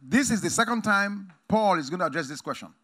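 Man, preacher, emphatic sermon, lively pitch swings, bright forceful tone. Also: fairly quick. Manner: emphatic, swings between loud exclamations and quiet asides. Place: conference hall.

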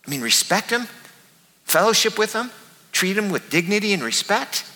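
A man preaching a sermon as pastor, emphatic, repeating his key words and swinging between soft and loud. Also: high voice, sing-song, moderate pace, in a large hall, low-quality recording.

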